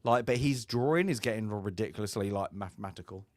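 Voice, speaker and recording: A man's voice: fairly low pitch, fast, no echo, studio quality. A man co-hosting a podcast, telling family stories in casual chat and acting out the voices. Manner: animated storyteller, acts out voices. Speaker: podcast co-host.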